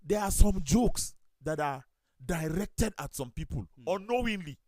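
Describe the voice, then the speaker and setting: Nigerian male talk-show host and pastor, animated storyteller, close dry studio mic. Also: high voice, moderate pace, no echo. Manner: storytelling, acts out quoted voices, lively. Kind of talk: studio talk show chat, telling anecdotes.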